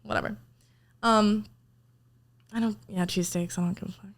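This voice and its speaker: A woman's voice: medium pitch, fairly even intonation, moderate pace. Young girl, casual chat, rambles, swears a bit, lots of "like". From New Jersey, USA. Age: young adult. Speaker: podcast guest.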